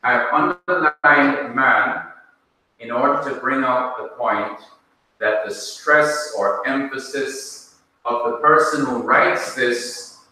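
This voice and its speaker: A man with a Jamaican accent teaching a language class in a classroom, speaking deliberately and quizzing his students with questions. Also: medium pitch, pushed and bright. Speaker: Bible teacher. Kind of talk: classroom lecture. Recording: echoey room, mic far off.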